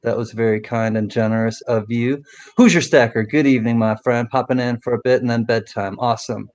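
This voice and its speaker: A man's voice: mid-range voice, steady tone, fairly quick, a little mellow. A man co-hosting a casual livestream, reading the chat and greeting viewers by name.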